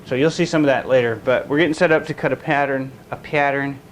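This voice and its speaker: A man's voice: mid-range voice, quick pace, a little hiss or hum, poor audio. A man hosting a casual workshop vlog, rambling with frequent restarts and amusing himself by talking in a made-up accent. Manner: talks in a made-up silly accent. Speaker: guitar builder hosting a workshop channel. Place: woodworking shop.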